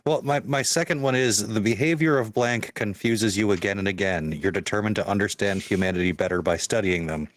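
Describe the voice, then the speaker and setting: A man's voice: lowish voice, fairly quick, hardly any pauses, no echo. A man player in a tabletop game, talking casually and hesitantly, with frequent fillers as he thinks. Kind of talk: casual chat about his character.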